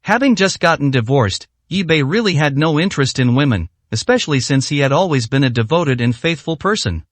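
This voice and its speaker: A man narrating a serialized web novel aloud with an even, steady read and the odd slip. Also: on the high side, a little fast, few pauses, dry recording. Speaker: audiobook narrator.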